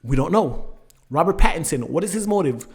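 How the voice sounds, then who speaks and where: A man with a noticeably high voice hosts an online movie review. He rants with exasperation and sarcasm, swinging between loud outbursts and low muttered asides. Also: animated, brisk. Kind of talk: ranting film review.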